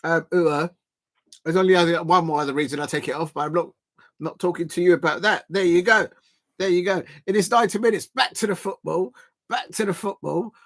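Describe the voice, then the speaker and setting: A man runs a live football watch-along stream. His talk is chatty and excitable, with quick play-by-play calls mixed with friendly asides to his viewers. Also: a little high.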